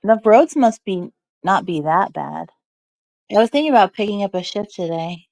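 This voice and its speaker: A woman's voice: medium pitch, lively intonation, moderate pace, vocal fry, darkish tone, no room sound, rough recording. A woman streaming from home, chatting casually with her viewers and answering chat messages in a rambling way full of "like" and "um". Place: at home, snowed in.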